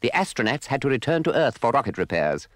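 A man's voice: mid-range voice, big pitch swings, fast, heavy background noise. A man narrating a storybook record in an arch, playful, wry manner.

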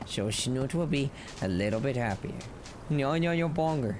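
A man giving excitable let's play commentary, yelling and cooing at the game in playful baby talk. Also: fairly high pitch, moderate pace, slight background noise. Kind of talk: gameplay commentary. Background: game music.

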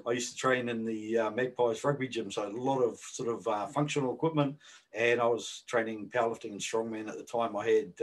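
Poor audio captures a podcast co-host, a man of medium pitch with a New Zealand accent. His casual talk wanders, hesitant and packed with fillers.

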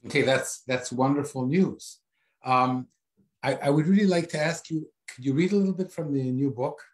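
A man interviewing an author, asking his questions haltingly and often repeating words as he begins. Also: medium pitch. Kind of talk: interview questions over a video call. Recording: echoey room.

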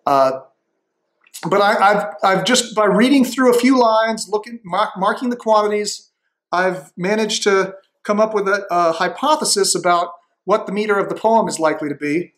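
A man thinking aloud as he slowly works through a demonstration, tentative and musing, with frequent restarts. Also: sits high, fairly bright tone.

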